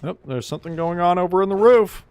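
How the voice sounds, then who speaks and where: A man's voice: sits high, fast, darkish tone, a little hiss or hum. A man casually commentating while streaming a video game, joking, sarcastic and rambling.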